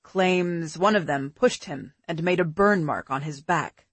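Woman voicing caring boyfriend, lowered voice, soft, breathy, steady, audiobook. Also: unhurried, no room sound. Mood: calm. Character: adult man, calm caring boyfriend, methodical. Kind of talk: audiobook character voice.

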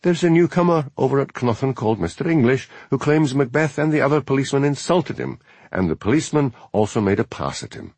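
A man voicing a brisk, matter-of-fact female police secretary. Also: mid-range voice, big pitch swings, a little mellow, slightly rough, no echo, pitched above the performer's own voice.

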